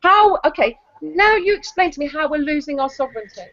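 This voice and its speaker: A woman's voice: high voice, expressive, a little fast, a bit bright, no room sound. A woman hosting a heated online debate, combative and talking over the others. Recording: dull lo-fi call audio.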